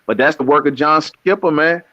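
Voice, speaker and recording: A man's voice: a little high, fairly quick, a bit bright. A man calling in as a guest on a boxing stream, talking in a laid-back way and dropping "man" often. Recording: dull, dry call audio.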